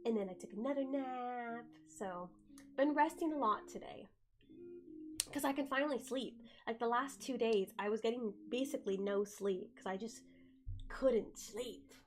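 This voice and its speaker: A woman's voice: fairly high pitch, moderate pace, a little hiss or hum. A woman in her twenties chatting casually on a live stream as she gets over the flu, rambling with lots of fillers and talking to her cat. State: getting over the flu, occasional cough.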